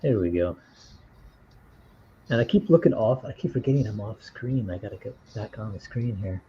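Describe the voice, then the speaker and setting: A man chatting casually on his livestream while drawing, with relaxed offhand remarks. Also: fairly low pitch, normal speed. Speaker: streamer and artist. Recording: dull lo-fi streaming mic with faint noise.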